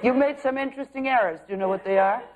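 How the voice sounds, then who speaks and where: A man coaching an acting student in a high voice. He is direct and probing, asking questions. The sound is thin and phone-like. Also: fast talker. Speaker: acting teacher. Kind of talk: coaching feedback.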